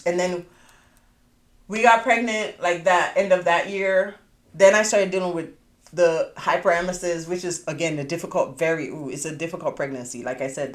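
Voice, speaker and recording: A woman hosting a podcast, telling a personal story in casual chat, animated and quick to swear. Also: sits low, echoey room. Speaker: podcast host.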